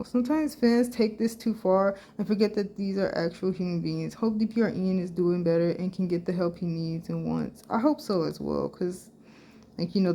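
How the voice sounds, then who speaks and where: A woman's voice: on the low side, dark tone. A woman vlogging casually as she reads social media posts aloud and reacts bluntly, with plenty of slang and swearing. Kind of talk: casual reaction vlog, reading comments aloud.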